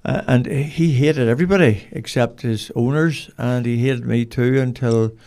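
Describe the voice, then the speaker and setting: An older man with a Northern Irish accent, telling rambling, animated stories as an interview guest. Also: mid-range voice, normal speed. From Northern Ireland. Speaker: guest, dog trainer. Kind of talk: casual storytelling.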